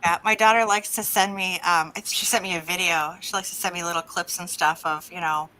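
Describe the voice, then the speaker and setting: Bright-voiced chatty woman on a call. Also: lowish voice, fairly quick, poor audio. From Oklahoma. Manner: chatty, laughs often, lively storytelling. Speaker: podcast co-host. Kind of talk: casual chat.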